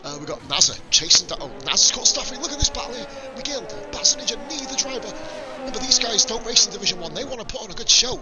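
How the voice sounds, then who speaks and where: A young man giving live commentary on an online racing league, excitable and sweary, laughing at crashes. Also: extremely high pitch, fast talker, low-quality recording. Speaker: esports race commentator.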